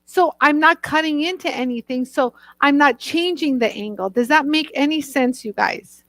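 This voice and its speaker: Bubbly high-voiced woman hosting a live demo. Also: normal speed, fairly bright tone, no echo, rough recording. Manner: bubbly, laughs often, talks to viewers by name. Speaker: lapidary demonstrator hosting a live stream. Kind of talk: chatty live product demo.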